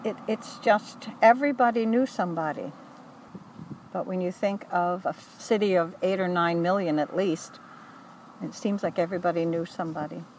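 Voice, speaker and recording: An older woman recounting memories in an earnest, halting way, often correcting herself mid-sentence. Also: on the low side, a little mellow, distant mic, a little hiss or hum, poor audio. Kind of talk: oral history recollection.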